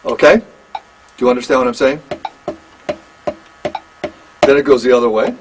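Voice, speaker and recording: An older man giving a one-on-one drum lesson, talking in a halting, conversational way and counting beats aloud. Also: mid-range voice, fairly even intonation, music in the background, poor audio. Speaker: drum teacher.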